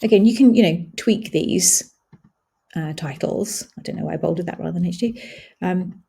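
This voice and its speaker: Woman host, husky and mellow, casual screen-share walkthrough, thinks aloud with fillers. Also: lowish voice, moderate pace. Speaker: blogging tutorial host.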